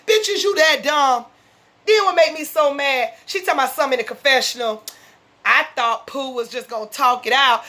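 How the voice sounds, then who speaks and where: A high-voiced woman. She recaps a reality show in a fired-up, profane, casual rant. Her tone is bright and sharp. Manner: fired-up, blunt, heavy profanity. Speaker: reality show reaction vlogger.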